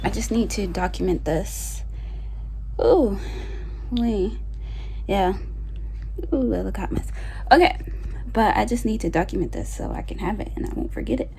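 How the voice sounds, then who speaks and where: A woman's voice: medium pitch, expressive, moderate pace, long pauses, darkish tone, slight background noise. Young woman vlogger, casual and emotional, mid-range voice, lots of "like". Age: young adult. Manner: chatty, emotional, frequent "like" fillers. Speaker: new grad nurse vlogger. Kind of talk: casual storytime vlog.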